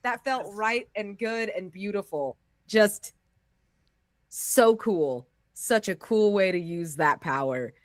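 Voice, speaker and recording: A woman's voice: mid-range voice, animated, slow pace, dry recording, studio quality. An American woman gushing with praise in casual chat after a tabletop game, with lots of "like" and restarts. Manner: effusive, gushing praise with frequent "like".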